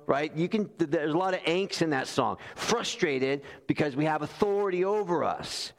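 A man's voice: a little high, lively intonation, moderate pace, few pauses, slight background noise. A man preaching a sermon, telling stories animatedly and acting out quoted voices. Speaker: pastor. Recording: long hall reverb.

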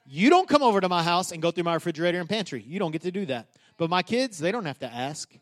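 A man's voice: sits high, sing-song, fast. A middle-aged man, a pastor, preaching a conversational sermon that climbs to emphatic peaks.

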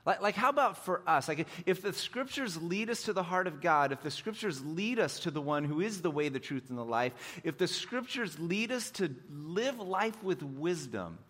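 A man's voice: a little high, lively intonation, normal speed, few pauses, fairly bright tone. A middle-aged man preaching a sermon in a church, joking and conversational, poking fun at himself. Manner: joking, conversational, self-deprecating. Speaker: pastor.

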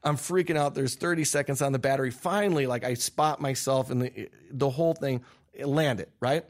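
A young man, a filmmaker guest, telling an animated story with laughs and quick restarts. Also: mid-range voice. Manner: excitable, laughing, restarts mid-sentence.

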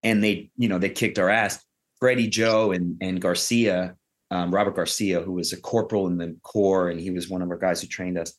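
A man with a fairly low voice, swapping stories on a podcast. He talks in an animated, profane, freewheeling way and builds his anecdotes with plenty of energy. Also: normal speed. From Queens, New York. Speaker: actor guest. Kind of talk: casual podcast storytelling.

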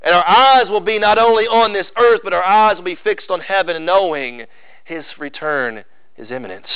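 A pastor preaches an emphatic sermon at a moderate pace, hammering his points home by repeating phrases. His voice is high for a man and his tone is clean. The recording is dry and close with no echo, slightly dull and muffled.

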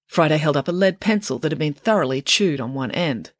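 Woman reading her kids book out loud, expressive, low-ish voice, dry close sound. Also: fairly quick, no room sound. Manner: expressive, storyteller. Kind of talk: audiobook narration.

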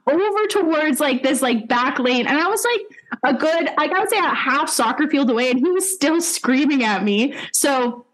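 This young adult woman is a dog trainer telling stories on a casual podcast. Her voice sits high and her pace is moderate; she's animated, swears freely, and leans on lots of fillers.

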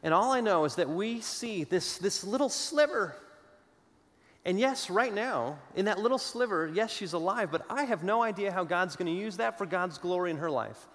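A man preaching a sermon, telling a story with dramatic pauses and moving between loud declarations and hushed asides. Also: sits high, expressive. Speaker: pastor. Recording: long hall reverb.

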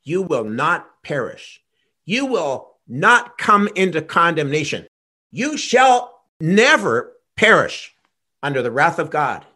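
High bright-voiced guy preaching, really lively ups and downs, hammers the same words over and over. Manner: earnest, emphatic, repeats key phrases. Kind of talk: gospel sermon.

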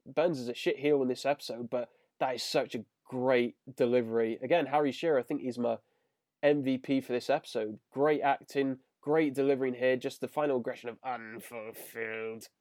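A man's voice: medium pitch, steady tone, brisk, darkish tone, no echo, clean studio sound. A man hosting a podcast, enthusiastically recapping a cartoon episode with lots of fillers. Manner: enthusiastic, paraphrasing scenes with filler words. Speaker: podcast host. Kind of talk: casual chat reviewing an episode.

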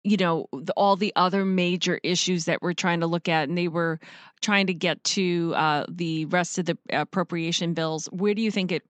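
A woman host asks questions in a halting way, with many restarts. Her voice sits a bit low, and the sound is dry and close. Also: steady tone, no echo, muffled recording. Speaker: interview host. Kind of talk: interview.

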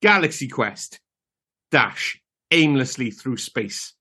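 A man's voice: medium pitch, very animated, takes it slowly, sharp tone, husky. Rambling man telling a pub story. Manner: rambling storyteller, many fillers. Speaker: podcast co-host. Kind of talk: casual chat.

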